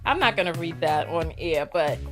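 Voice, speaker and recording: A woman's voice: sits low, animated, normal speed, faint music behind. A woman hosting a live reaction stream, reading viewer comments in a blunt, exasperated way and often repeating herself. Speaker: livestream host.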